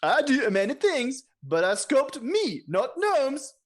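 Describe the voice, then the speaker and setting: A squeaky, high-pitched king who boasts about his sculptures and fusses over his magic book, as a man puts him on. His voice swoops wildly up and down, grand and fussy. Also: huge pitch swings, takes it slowly, heavily acted. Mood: smug. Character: boastful vain male necromancer king.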